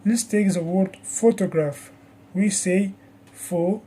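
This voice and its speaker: A woman teaching an English pronunciation lesson, saying the example words slowly with careful, exaggerated articulation. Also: medium pitch, dark tone, a little hiss or hum. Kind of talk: scripted lesson.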